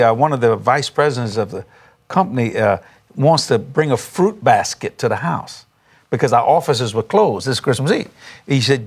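A man, a pastor telling a testimony story with animated, laughing preacher emphasis. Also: medium pitch, breathy edge. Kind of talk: storytelling testimony on a talk show.

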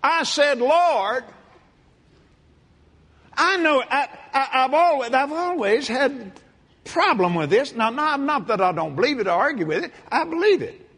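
A man preaching a sermon in a folksy, animated way, breaking into shouts and laughter. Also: very high-pitched, a little slow. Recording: long hall reverb.

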